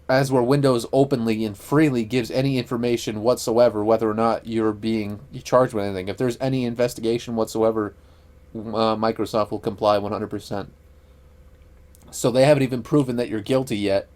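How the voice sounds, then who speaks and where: A man's voice: mid-range voice, fairly even intonation, moderate pace, a little mellow. Man, podcast co-host, casual chat, rambling, profane. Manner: rambling, profane, many fillers.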